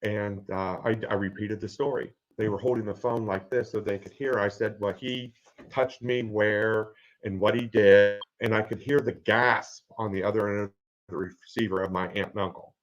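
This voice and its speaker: A man in his fifties with a low-pitched voice, speaking haltingly and earnestly, pausing often with fillers. The recording sounds dull and lo-fi. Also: fairly even intonation. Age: 50s. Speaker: guest sharing his story. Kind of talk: personal storytelling.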